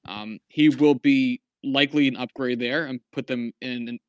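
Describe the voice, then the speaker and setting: A man's voice: mid-range voice, steady tone, moderate pace, smooth, no echo, muffled recording. Man with wry dry asides. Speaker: podcast co-host. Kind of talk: casual sports chat.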